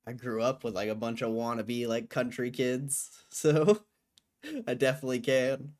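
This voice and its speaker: A man's voice: mid-range voice, flat delivery, moderate pace, darkish tone. A young man hosting a livestream who chats casually with viewers in a laid-back, slangy way, full of fillers. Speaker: livestream host. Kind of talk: casual chat reading viewer comments.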